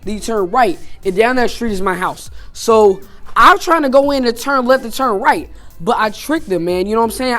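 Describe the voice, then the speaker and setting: A man's voice: high voice, a bit bright. A man telling a personal story on his vlog in a loose, casual way, dropping "man" and "you know" into nearly every sentence. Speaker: YouTuber.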